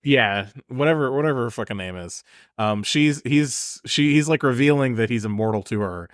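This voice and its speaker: A man's voice: medium pitch, normal speed, dry recording, clean studio sound. A man co-hosting a casual movie podcast, rambling with lots of swearing and laughing often between remarks. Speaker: podcast co-host.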